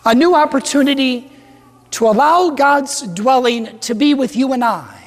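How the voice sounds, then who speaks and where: A man's voice: very high-pitched, unhurried. A man leading a sermon as a parish priest, playful and joking as he has the congregation repeat a cheer after him. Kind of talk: sermon with a call-and-response cheer. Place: large church with a congregation. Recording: echoey church with crowd behind.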